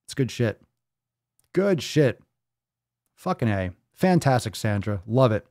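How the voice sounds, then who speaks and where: A man hosts a fitness live stream in a mid-pitched voice, reacting to viewer posts with blunt, profane emphasis. He hammers his points by repeating them. The sound is dry and close, with no room around it. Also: sing-song, slow pace, darkish tone, no room sound. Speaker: fitness podcast host.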